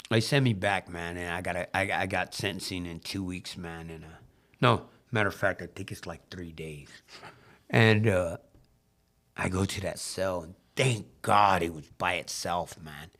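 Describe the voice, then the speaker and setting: A man telling his life story as a podcast guest in casual, animated storytelling, swearing freely and acting out the voices of the people in his story. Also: a little slow. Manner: drops low and quiet on emotional moments.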